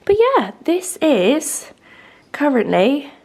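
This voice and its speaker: A woman's voice: high-pitched, huge pitch swings, slow. A young woman chatting casually to camera about her home and family, full of fillers and gushing asides. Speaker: lifestyle vlogger. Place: home with farm animals nearby.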